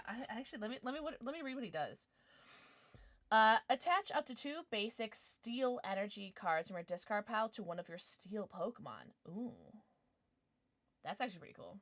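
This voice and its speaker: An excitable woman streamer chatting with her viewers as she opens trading cards. Her voice is bright and sits fairly high, with a lively pitch that swoops up when something catches her attention. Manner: excitable, gasping and squealing at pulls. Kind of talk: livestream chat while opening trading cards.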